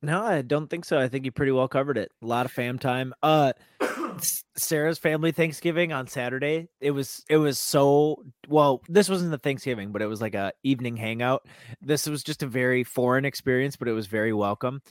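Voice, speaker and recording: A man's voice: medium pitch, brisk, dry recording, clean studio sound. A man co-hosting a podcast in casual chat, telling things in a plain, matter-of-fact way. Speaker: podcast co-host.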